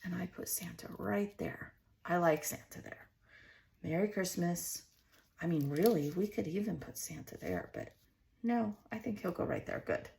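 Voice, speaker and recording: A woman's voice: on the low side, big pitch swings, moderate pace, creaky, a little mellow. A woman with a Southern US accent hosting a casual scrapbooking vlog, thinking aloud in a chatty, self-questioning way as she arranges stickers. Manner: chatty, musing to herself while arranging stickers. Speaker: scrapbooking host.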